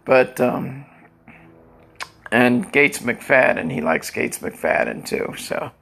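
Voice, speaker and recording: Older guy rambling on, crude jokes and shout-outs, gravelly bright voice, dry cough. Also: medium pitch, sing-song, takes it slowly. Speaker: social media vlogger. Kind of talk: rambling casual monologue.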